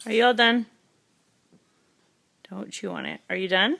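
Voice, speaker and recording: A young mother at home chats with her small child in a home video. She coaxes him gently and repeats simple questions, keeping her speech easy for a toddler to follow. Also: mid-range voice, measured pace, vocal fry. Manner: coaxing, asks simple questions over and over.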